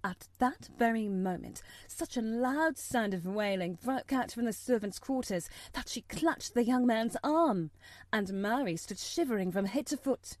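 A woman reading a story aloud as an audiobook narrator, measured and expressive. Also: on the high side, no echo.

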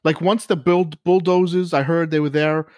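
A man as interviewer in an improvised mock interview, asking halting, teasing questions with many fillers. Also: fairly high pitch, level tone, background noise.

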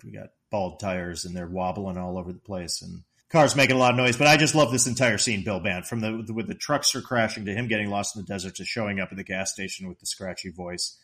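Animated man retelling film scenes. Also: sits low. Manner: animated retelling, laughing often. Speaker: podcast co-host. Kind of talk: casual film discussion.

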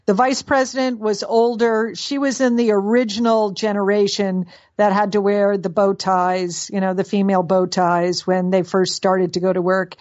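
A woman co-hosting a podcast, chatting in a mid-pitched voice. She talks loosely, full of fillers and restarts. The sound is dull and lo-fi. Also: little pitch movement, normal speed, darkish tone. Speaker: podcast co-host. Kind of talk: casual chat.

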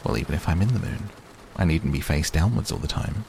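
A man's voice: very deep voice, expressive, brisk, vocal fry, a little mellow, a little hiss or hum, exaggerated voice. A man voicing a small, timid male piglet who frets anxiously, in a storybook reading. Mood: fretful.

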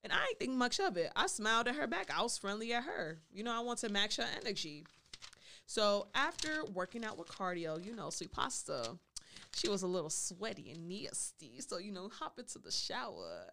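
A woman's voice: mid-range voice, sing-song, normal speed, gravelly, pushed and bright, a little hiss or hum. A woman hosting a solo storytelling podcast, talking playfully and now and then referring to herself in the third person. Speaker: podcast host.

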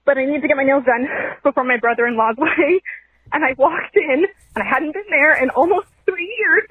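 A woman leaving a voicemail, telling a story in a loud, chatty way and laughing as she goes. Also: sits high, fairly quick, no echo. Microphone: phone. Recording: tinny phone voicemail.

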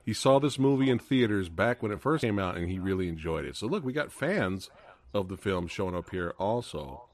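A man's voice: low voice, animated, a little fast. A man hosting a live podcast, casual and chatty, laughing often and reading out viewer comments. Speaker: podcast host.

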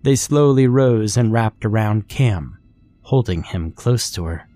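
Slow, low-voiced man narrating horror. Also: lively intonation, dark tone, dry recording.

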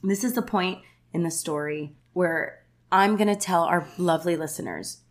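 On a laid-back podcast she co-hosts, a woman with a lowish, expressive voice retells a movie plot at a normal pace. She's a chatty storyteller who says "like" constantly and livens up her voice when quoting characters.

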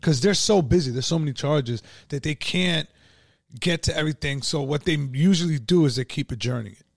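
A man's voice: medium pitch, fairly quick, gravelly, dry recording, clean studio sound. A man telling his own story in a casual, profane, streetwise way, full of "like" and "you know".

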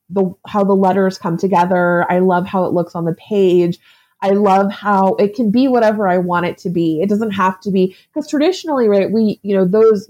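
A woman at a middle pitch talks through her ideas as an interview guest. She is chatty and reflective, dropping in likes and ums and laughing often. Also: darkish tone. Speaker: author and guest. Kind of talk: interview answer.

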